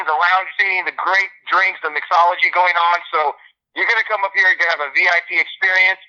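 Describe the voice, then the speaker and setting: A man from Nebraska, a comedy promoter calling in by phone and making an upbeat pitch. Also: sharp tone. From Nebraska, USA. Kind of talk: casual phone chat. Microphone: phone line. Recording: muffled phone line.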